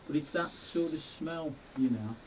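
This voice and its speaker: A man's voice: on the high side, a little slow. A man working as a medium, earnestly explaining spirit contact in a confiding way. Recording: distant mic, faint noise.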